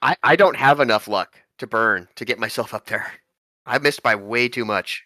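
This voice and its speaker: A man's voice: medium pitch, normal speed, noisy background. A man playing a tabletop game, joking and reacting in casual play. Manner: animated, joking. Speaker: player.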